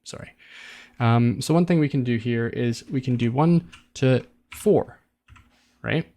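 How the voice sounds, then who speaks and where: A man teaching a coding lesson in a relaxed, chatty way, thinking aloud, restarting phrases and filling pauses with ums. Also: mid-range voice. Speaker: coding tutor. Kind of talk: casual screen-recorded coding tutorial.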